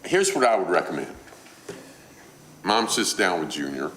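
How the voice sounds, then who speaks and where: A male preacher delivers a conversational sermon and uses everyday illustrations to teach. His voice is deep, yet it moves about with a lively, animated pitch. A faint hiss lies under the recording. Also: normal speed, roomy sound. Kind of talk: sermon on parenting.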